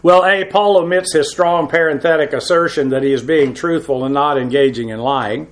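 A pastor with a slightly high voice teaches a Bible lesson verse by verse. He speaks haltingly, full of "uh" fillers, and drops frank, blunt asides.

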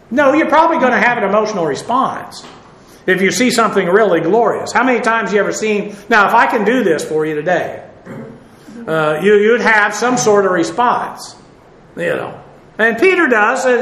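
A man with a high-pitched voice delivers a sermon in a loose, conversational manner, peppered with "uh" and off-hand asides. The room around him is echoey. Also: fairly bright tone. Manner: conversational, folksy, with frequent "uh" and asides. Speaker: preacher.

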